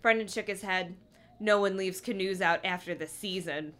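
A woman reading a book aloud in a comedic group reading, sarcastic and quick to laugh. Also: medium pitch, fairly bright tone. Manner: sarcastic, swears, laughs often.

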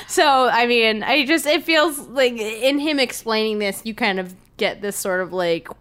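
A woman's voice: fairly high pitch, animated, normal speed, fairly bright tone. A young woman co-hosting a podcast, recapping a book in wry, self-deprecating casual chat and laughing often. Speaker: podcast co-host.

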